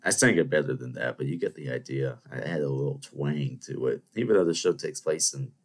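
Young guy w a really low voice rambling thru stories, lots of restarts. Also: brisk. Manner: meandering, many restarts and asides. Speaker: podcast host. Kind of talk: rambling anecdotal storytelling.

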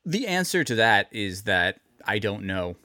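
A man co-hosting a podcast, chatting casually with deadpan jokes. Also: fairly low pitch, unhurried. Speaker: podcast co-host. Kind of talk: casual comedic chat.

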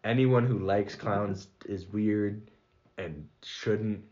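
A young man co-hosting a casual podcast, rambling quickly and laughing often. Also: on the low side, mellow. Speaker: podcast co-host. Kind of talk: casual chat. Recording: dull lo-fi audio.

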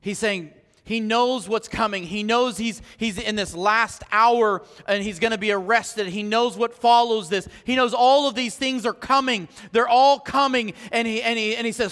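A male pastor delivers a sermon in a church sanctuary. His voice sits very high and sounds bright and forceful. It swings from quiet reflection to fervent appeals, and a long hall reverb trails each phrase. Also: normal speed. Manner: swings from hushed to fervent preaching.

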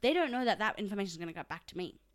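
Young woman podcast co-host, casual chat, quick to laugh and talk over her partner. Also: mid-range voice, lively intonation. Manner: laughs often, talks over her partner in playful argument.

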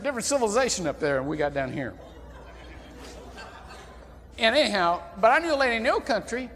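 A man from Indiana preaching a sermon as pastor, folksy and animated, with sudden loud outbursts. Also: sits high. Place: church sanctuary. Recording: long church reverb.

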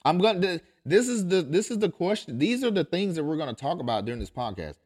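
A man's voice: fairly high pitch, very animated, quick pace, darkish tone, husky. A man who is a pastor, hosting a podcast in an impassioned monologue, insistent and emphatic, often restarting his phrases.

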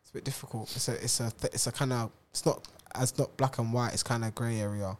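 A man's voice: mid-range voice, fairly even intonation, fast, slight background noise. A young man, joking playfully in a casual podcast chat. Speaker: podcast co-host.

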